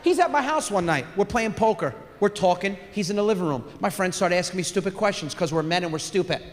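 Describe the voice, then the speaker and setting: A young man performing stand-up, telling brash stories with animated punchlines. His voice sits high and rings out with the long reverb of a theater hall, with faint hiss underneath. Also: fast. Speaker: stand-up comedian. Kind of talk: stand-up comedy set. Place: theater stage.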